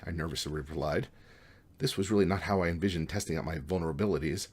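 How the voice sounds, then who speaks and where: Author-narrator, male, relaxed wry novel reading, deep and husky. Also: fast. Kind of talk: audiobook reading.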